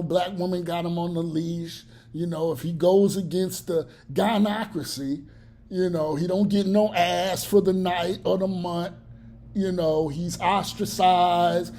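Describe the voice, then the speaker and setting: A man's voice: high-pitched, dark tone. A man giving blunt, profane, preachy commentary in a casual reaction video.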